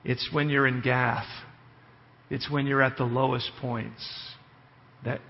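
A man's voice: mid-range voice, flat delivery, slow, gravelly. Guy preaching a sermon, earnest, gets emphatic, echoey hall, kinda muffled. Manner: earnest, builds to emphatic passages. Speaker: pastor. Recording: lo-fi sound in a reverberant hall.

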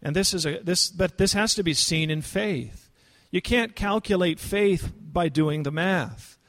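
Male pastor, slightly high voice, casual but earnest sermon delivery. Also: a little slow, fairly bright tone. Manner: conversational, earnest, rises in pitch for emphasis. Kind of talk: expository sermon.

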